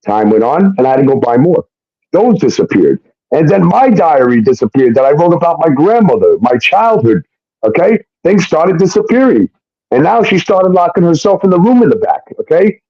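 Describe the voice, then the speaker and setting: A man recounts his story with a lively, swinging delivery, leaning hard on emphasis and the odd curse. The recording is dull and lo-fi, with a dry, close sound. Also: on the high side, a little fast, no room sound. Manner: emphatic, profane, keeps adding "okay?". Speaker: guest. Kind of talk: casual storytelling.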